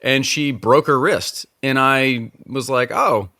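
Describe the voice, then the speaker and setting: Bright-voiced man in candid chat. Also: mid-range voice, fairly even intonation, slow pace, no room sound, clean studio sound. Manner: candid, laughs at himself. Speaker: podcast guest. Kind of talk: casual podcast chat.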